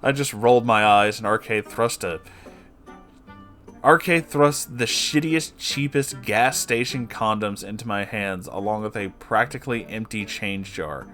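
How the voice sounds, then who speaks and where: A man reading an online story aloud with expressive, sarcastic, swearing asides. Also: fairly low pitch, unhurried, faint music behind. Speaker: story reader.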